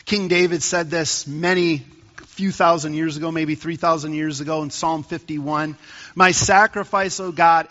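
A male pastor delivers a conversational sermon, building up emphasis as he tells a story. His voice sits a little high and sounds bright and forceful. The recording is slightly muffled and carries a long reverb from a large church.

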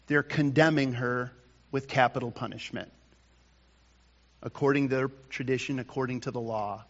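A male pastor delivering a morning sermon, slow and emphatic, rising to loud bursts and dropping to quiet lines. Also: mid-range voice, fairly even intonation. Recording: dull sound with long hall reverb.

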